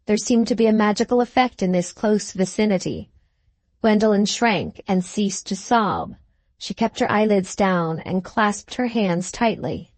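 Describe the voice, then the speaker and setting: A woman reading a classic novel aloud as an audiobook narrator, in a measured storytelling manner. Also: medium pitch, darkish tone, no echo. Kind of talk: scripted narration.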